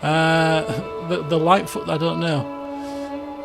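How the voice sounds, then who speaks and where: A man with a fairly high voice narrates a strategy game as a roleplay story. He is chatty and rambling, slips between reading story text and offhand asides, and trips over his words. Faint music runs underneath. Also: moderate pace, creaky. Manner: chatty, rambling, often restarts and chuckles. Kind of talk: casual let's-play roleplay narration.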